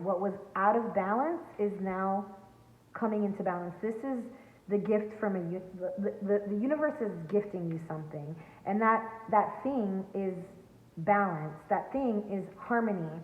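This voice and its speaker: A woman's voice: medium pitch, measured pace. A woman giving an earnest, emphatic tarot reading to her viewers from home. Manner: earnest, emphatic, spiritual coaching tone. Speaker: tarot reader. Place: home, near a backyard. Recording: echoey, tinny phone-like sound.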